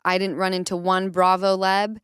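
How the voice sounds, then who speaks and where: Woman host, thirties, casual chat, smooth clear voice, acts out quotes. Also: medium pitch, moderate pace, dry recording, clean studio sound. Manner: animated storytelling with acted quotes. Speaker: podcast host.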